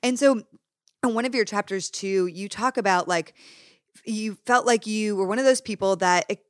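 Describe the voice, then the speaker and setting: Casting note: woman host, animated storyteller, dry close sound, middle pitch. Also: moderate pace, no echo. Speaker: podcast host. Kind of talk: casual conversation.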